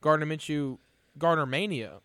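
A man's voice: fairly high pitch, moderate pace, fairly bright tone, a little hiss or hum. A man hosting a casual sports chat, upbeat and chatty, a bit under the weather. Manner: leads the talk, upbeat and chatty.

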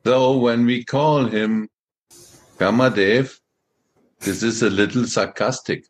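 A man in a devotional discussion, talking slowly with a playful, laughing manner. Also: mid-range voice, fairly even intonation.

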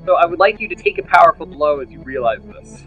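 A man's voice: on the high side, expressive, quick pace, highs cut off, faint music behind. A man narrating as game master of a tabletop role-playing game, telling the story with many fillers and restarts.

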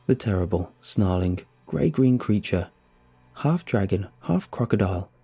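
A man's voice: on the low side, dark tone, slightly rough. A man narrating a horror story in a dramatic, tense first-person telling. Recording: faint music behind.

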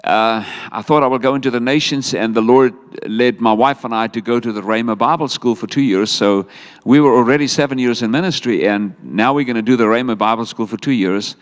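A man's voice: medium pitch, a little fast, smooth. A middle-aged South African man preaching a sermon, telling a story with animation and acting out quoted words. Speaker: pastor. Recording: echoey hall sound.

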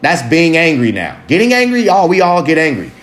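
A man in a casual personal monologue, candid and rambling, swearing freely and jumping up in pitch for emphasis. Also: wildly swooping pitch, fairly quick, fairly bright tone. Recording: echoey room with faint ambient noise.

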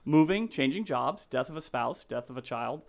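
A man's voice: mid-range voice, expressive, normal speed, vocal fry. A middle-aged man, a real estate agent, talking in an earnest, openly sentimental way on a casual podcast interview. He rambles and restarts often.

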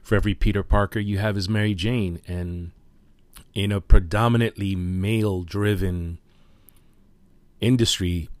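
A man's voice: on the low side, steady tone, unhurried, darkish tone, no room sound. A man hosting a podcast, talking casually and hesitating with fillers and self-corrections. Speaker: podcast host.

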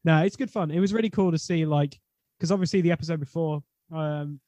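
A man chatting excitedly as a podcast co-host about a tabletop game. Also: a little high, no room sound. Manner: excitable, laughing, fast bursts. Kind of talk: casual podcast chat.

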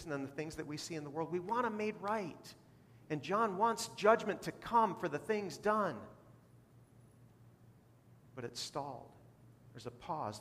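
A man's voice: on the high side, fairly bright tone, a little hiss or hum. A man preaching a sermon as a pastor, with rising bursts of emphasis. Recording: long hall reverb.

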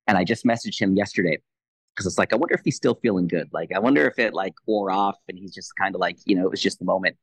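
A Christian leader in his thirties, appearing as a podcast guest, shares a personal faith testimony in a fairly low voice. He retells a conversation quickly and animatedly, playing out both sides. The poor-quality audio is dry and close to the mic, with no room sound.

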